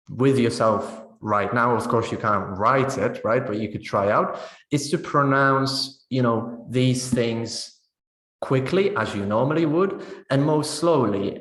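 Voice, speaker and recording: A man talks teachers through a pronunciation lesson in a loose, conversational webinar style. He keeps checking in with a quick "right?" as he goes, and his mid-pitched voice carries a roomy echo. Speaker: teacher trainer.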